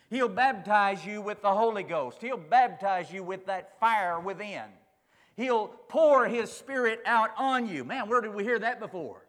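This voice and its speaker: A man's voice: high voice, fairly bright tone, long reverb tail. A male pastor preaching a sermon emphatically, building through repeated phrases.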